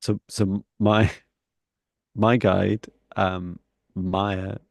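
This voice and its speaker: Male co-host, gravelly, laid-back conversational delivery. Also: deep voice, drawn-out words, no echo, clean studio sound. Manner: relaxed, chatty, laughs between thoughts. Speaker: psychic mentor and co-host. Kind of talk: live-stream casual chat.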